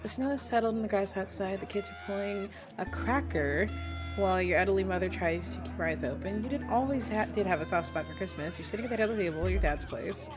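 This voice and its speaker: A young woman streaming a game, reading its text aloud and bursting into loud, cursing, indignant rants. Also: mid-range voice, fast, music in the background. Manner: swears a lot, laughs mid-sentence. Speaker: VTuber streamer. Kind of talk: casual gameplay commentary.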